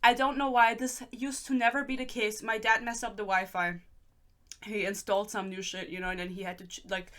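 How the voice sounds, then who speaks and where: A woman in her twenties hosts a podcast, speaking English with a German accent in a bright, ringing voice. She chats loosely and mocks herself, with swearing asides. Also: mid-range voice, flat delivery, a little fast. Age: 20s. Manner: chatty and self-mocking, with swearing asides. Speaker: podcast host. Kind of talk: casual chat.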